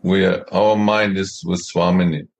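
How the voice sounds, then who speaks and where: A man in a devotional discussion, talking slowly with a playful, laughing manner. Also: deep voice, level tone, gravelly.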